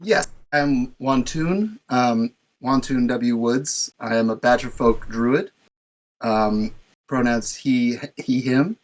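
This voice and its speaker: A man's voice: mid-range voice, takes it slowly, low-quality recording. Mild, unsure man introducing himself. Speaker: player. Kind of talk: casual chat and self-introduction.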